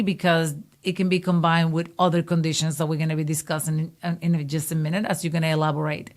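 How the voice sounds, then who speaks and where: Female cardiologist host, lower voice, clear explainer who steers the interview.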